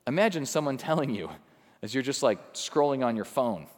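A male pastor preaching with a lively, rising and falling voice. He drops to a hush and then builds back up with emphasis. His voice carries a long reverb from a church sanctuary. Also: medium pitch, brisk. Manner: dynamic, swings from hushed to emphatic. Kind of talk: sermon.

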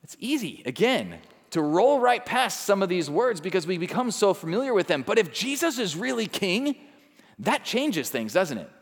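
Guy preaching a sermon, goes quiet then punches it up, lots of echo like a big church. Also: high-pitched, big pitch swings, normal speed, slightly rough. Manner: dynamic, swings from hushed to emphatic. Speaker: pastor.

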